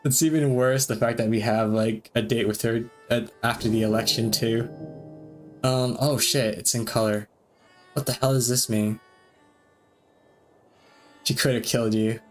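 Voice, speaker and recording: A man streaming a game, reading its dialogue aloud between quick reactions and frequent laughs. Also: mid-range voice, fairly even intonation, faint music behind. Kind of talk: let's-play commentary reading game text aloud.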